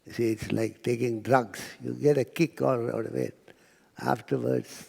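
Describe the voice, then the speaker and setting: A man's voice: mid-range voice, fairly even intonation, measured pace, vocal fry, darkish tone, slightly rough, big-room sound. A man giving a spiritual talk to an audience, telling stories and acting out quotes, sometimes dropping to a near-whisper. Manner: storytelling lecturer, acts out quotes, drops to near-whisper. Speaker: spiritual speaker. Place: lecture hall with audience.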